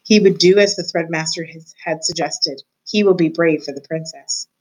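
A woman teacher reads a children's book aloud in a slightly low voice. She tells the story in a clear, expressive, measured way. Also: rough recording.

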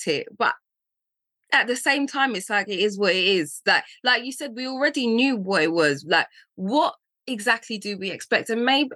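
A woman co-hosting a podcast, talking in a thoughtful, animated, casual way. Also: medium pitch, normal speed, no echo. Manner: thoughtful, animated, laughs easily. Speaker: podcast co-host. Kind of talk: casual chat.

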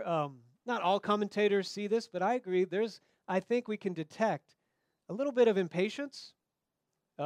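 A man with a fairly high voice preaches a sermon, talking to the congregation as if in conversation. He acts out the voices of the people in the story. The sound is dry, with no echo around him. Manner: conversational, acts out quoted dialogue. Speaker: pastor.

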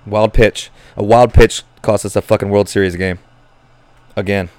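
A man reacting live to a baseball game as a nervous fan, cursing, groaning and pleading with the pitcher. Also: fairly even intonation, moderate pace, a little mellow, no echo. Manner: anxious, profane, swings from groans to outbursts.

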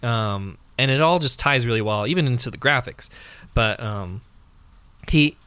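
A man's voice: mid-range voice, lively intonation, normal speed, sharp tone, clear, resonant tone, no room sound. A man co-hosting a casual video game discussion, talking in a hesitant way with many fillers and restarts.

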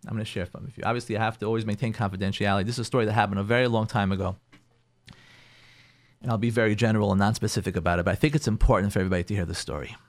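A rabbi hosts a call-in advice show, telling a counseling story and offering guidance while repeating phrases for emphasis. His voice is fairly low and steady in tone, and he races along, acting out the people he quotes in shifting voices. There is no room sound.

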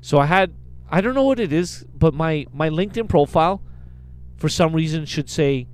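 High, clear-voiced man telling a story. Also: lively intonation, normal speed, a little mellow. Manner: storytelling, acts out quotes, joking. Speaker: podcast co-host. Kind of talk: casual chat.

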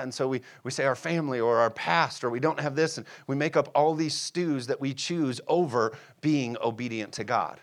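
A man's voice: medium pitch, a little fast, few pauses. A man preaching a sermon in a conversational way, acting out biblical figures with playful asides and checking in with his listeners. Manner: asks the congregation "are you with me?".

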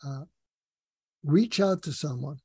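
Brief: middle-aged male guest, earnest and rambling, somewhat high voice with gravel, dry close sound. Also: slow, a little mellow, dry recording. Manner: earnest, rambling, many fillers and restarts. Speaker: podcast guest. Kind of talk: casual personal storytelling.

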